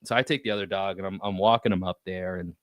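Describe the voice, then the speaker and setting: A man's voice: sits low, steady tone, fast, no room sound. A man co-hosting a podcast, telling a story in casual chat, acting out quotes and swearing freely. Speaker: podcast co-host.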